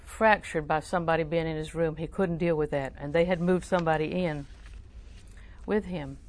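An older woman teaching a sermon through personal stories, talking conversationally and often dropping to a soft, near-whispered voice. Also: deep voice, steady tone, moderate pace. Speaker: Christian teacher.

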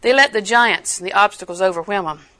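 An older woman preaching a sermon, emphatic and animated, acting out the people she quotes. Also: mid-range voice, quick pace.

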